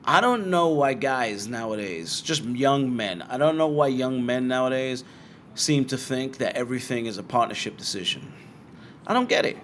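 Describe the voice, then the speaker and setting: Here a young Brit runs a bitcoin livestream, fielding viewer questions in blunt, casual chat loaded with swearing and lively asides. He speaks at normal speed with a medium pitch over slight background noise.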